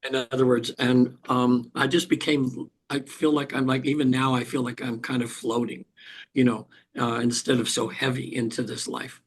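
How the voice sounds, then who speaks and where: Husky older man telling a story. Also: mid-range voice, flat delivery. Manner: halting, with frequent restarts and throat clearing. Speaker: hypnotherapist guest. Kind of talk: emotional personal storytelling in an interview.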